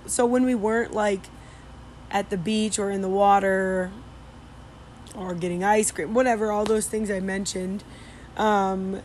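Young woman rambling slowly thru a story, lots of likes and restarts, faint hiss behind. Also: medium pitch, a little mellow. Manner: rambling, many fillers and restarts, mimics Spanish street calls. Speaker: vlogger recounting study abroad. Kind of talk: casual storytelling.

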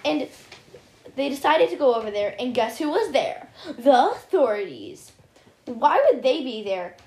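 A woman's voice: high voice, very animated, measured pace, darkish tone, reverberant. A young female reader reading a homemade story aloud, stumbling and restarting as she voices the characters.

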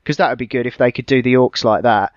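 A man co-hosting a casual film podcast, relaxed and hesitant, often pausing with uh and um. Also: mid-range voice, no room sound, lo-fi sound. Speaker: podcast co-host.

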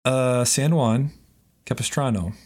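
This is a man with a New York accent, co-hosting a casual podcast chat. He laughs often and swears freely, in a voice of middling pitch. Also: takes it slowly, darkish tone. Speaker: podcast co-host.

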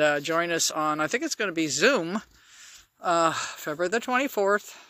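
A woman's voice: low voice, sharp tone, no room sound. A woman hosting her own podcast, talking in a rambling, chatty way with blunt, outspoken asides. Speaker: podcast host. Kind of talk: casual solo podcast monologue.

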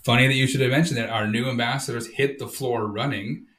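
A man co-hosting a podcast, reading out news updates in a steady, upbeat casual chat. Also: mid-range voice, fast talker, reverberant. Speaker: podcast co-host.

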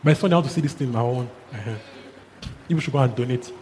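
A man preaching a sermon, telling a story in an animated way with chuckles and local exclamations. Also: medium pitch, quick pace. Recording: long hall reverb, faint background noise.

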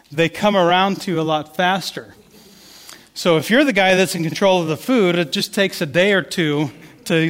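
Male pastor, conversational storyteller, fairly high voice, reverberant church hall. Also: a bit bright. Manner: storytelling, conversational with many restarts. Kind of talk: sermon.

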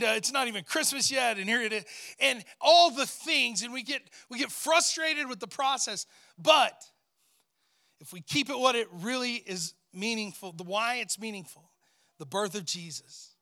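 A middle-aged male pastor preaching a lively sermon, telling a story and calling out to his congregation. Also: extremely high pitch.

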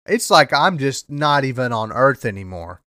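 Young dude podcast host swearing through a long ramble, bright tense voice, totally dry mic. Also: male voice, medium pitch, big pitch swings, normal speed, dry recording. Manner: profane, rambling, repeats himself, bursts into loud rants. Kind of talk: casual storytelling monologue.

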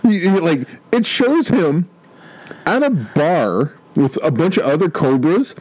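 A man's voice: fairly high pitch, big pitch swings, slow, darkish tone, no echo, rough recording. Rambling male podcast storyteller. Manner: rambling storyteller, many restarts and quoted voices. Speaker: podcast co-host. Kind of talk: casual chat.

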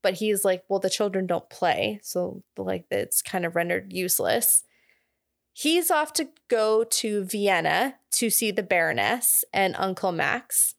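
A young woman talks through a movie's plot on a podcast, chatty and quick to laugh. Her voice sits mid-range and is recorded close on a dry mic with no room sound. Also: mid-range voice, gravelly, no echo. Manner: chatty, laughs often, recaps plot with asides. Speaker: podcast co-host. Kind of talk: casual chat recapping a film.

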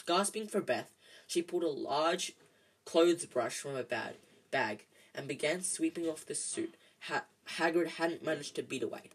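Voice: medium pitch, animated, a little slow, breathy edge, poor audio. A reader narrating a storybook in an amateur audiobook style, often stumbling and correcting themselves.

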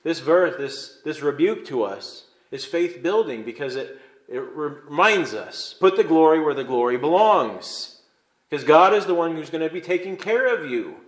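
A man's voice: fairly high pitch, expressive, normal speed. A man from Illinois preaching a sermon as pastor, conversational and emphatic, building to fervent stress. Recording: echoey room.

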